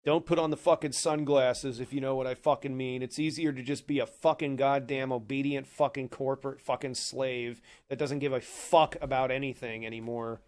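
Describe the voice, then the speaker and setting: A man's voice: medium pitch, fairly even intonation, normal speed, few pauses, a little mellow. A man hosting a livestream from his apartment home office, ranting heatedly and swearing constantly into a desk microphone. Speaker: livestream host. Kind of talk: angry livestream rant.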